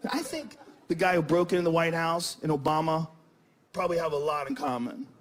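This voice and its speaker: Shouting, profane stand-up comedian. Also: male voice, a little high, a little fast. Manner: shouting, profane, acts out voices. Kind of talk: stand-up set. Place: comedy club stage. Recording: noisy live club with crowd.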